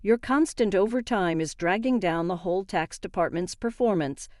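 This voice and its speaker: A woman voices a smug, mocking female office assistant in a lightly acted, dry, studio-quality recording. Her mid-range voice has a darkish tone and lively intonation at normal speed.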